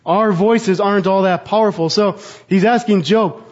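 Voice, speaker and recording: A man's voice: high-pitched, moderate pace. A man in his thirties, a pastor preaching a sermon with earnest, rhetorical questions. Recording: slightly dull, muffled sound.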